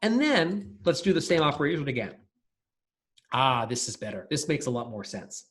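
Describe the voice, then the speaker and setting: A man's voice: a little high, big pitch swings, normal speed. A man teaching a recorded programming class, talking casually and thinking aloud with fillers and restarts. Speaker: lecturer. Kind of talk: recorded coding lecture.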